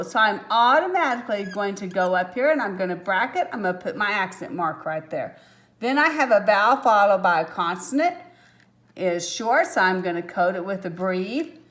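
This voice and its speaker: A woman teacher slowly walking through a phonics lesson, patient and step by step, with small apologetic asides. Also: medium pitch, expressive, a bit bright.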